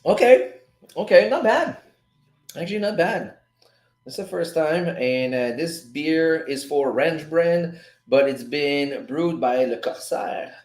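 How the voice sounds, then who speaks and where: A man's voice: on the high side, slow pace, a little mellow, roomy sound. A man hosting a casual live stream about forex trading, talking loosely to his viewers and swearing now and then. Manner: loose, chatty, swears casually, calls the audience "guys" and "dude". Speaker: livestream host teaching forex trading. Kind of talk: casual live-stream chat and trade breakdown.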